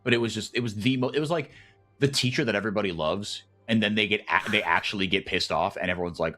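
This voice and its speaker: A man calling esports play-by-play, chatty and rambling, who gets loud and excited when fights break out. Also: fairly low pitch, fast talker, faint music behind. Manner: excitable, rises sharply in big fights. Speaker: play-by-play caster.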